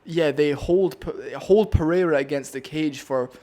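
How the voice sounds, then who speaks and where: A man's voice: a little high, a little slow, mellow. Blunt Scottish man ranting about fights. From Scotland. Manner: blunt, opinionated and profane. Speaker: MMA commentator. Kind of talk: casual fight breakdown vlog.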